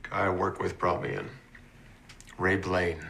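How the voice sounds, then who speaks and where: An actor playing a guarded, streetwise small-time dealer who has turned informant. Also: male voice, low-pitched, steady tone, a little slow, creaky, a bit bright, slight background noise, heavily acted. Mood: wary. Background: film score music.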